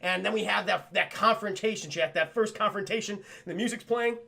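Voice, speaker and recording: A man's voice: high-pitched, a little fast, creaky, sharp tone. A young man recapping a film on a livestream, rambling and swearing, talking straight to his chat. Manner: rambling, profane, addresses chat constantly. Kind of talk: casual chat.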